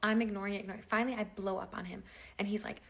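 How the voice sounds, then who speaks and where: A woman's voice: mid-range voice, fairly even intonation, very fast, gravelly, dull audio. A woman in her twenties telling a personal story in a chatty, casual vlog style, full of fillers.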